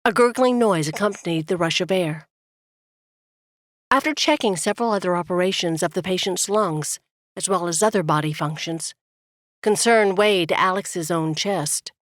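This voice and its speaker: A woman narrates an audiobook in a steady, measured way, her voice on the low side. The recording is dry and studio quality.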